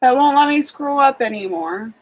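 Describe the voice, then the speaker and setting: A chatty woman with an Ohio accent, talking casually on a livestream in a somewhat high voice. She rambles along with plenty of "um" and "like" and greets viewers as they drop in. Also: lively intonation, normal speed, low-quality recording. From Ohio, USA. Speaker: homesteading livestream host.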